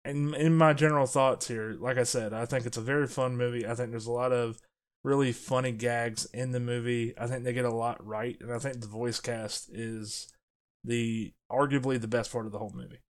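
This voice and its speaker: A man co-hosting a casual podcast. He talks in an animated, jokey way and often restarts his sentences. His voice sits in an ordinary middle pitch. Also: fairly quick. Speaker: podcast co-host. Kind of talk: casual movie review chat.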